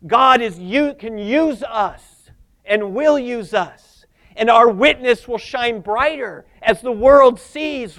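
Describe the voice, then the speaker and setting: A pastor preaching a fervent sermon, calling out Hallelujahs and Amens and now and then laughing at himself. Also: male voice, very high-pitched, takes it slowly, a bit bright.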